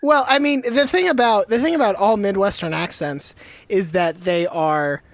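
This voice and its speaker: A podcast co-host in casual chat, throwing in quick jokey interjections. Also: mid-range voice, dry recording.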